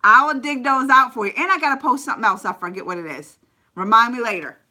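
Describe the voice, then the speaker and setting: A woman's voice: fairly high pitch, fast. A woman vlogger telling stories in a casual live stream and chatting with viewers by name. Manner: animated storyteller, chats with live viewers by name.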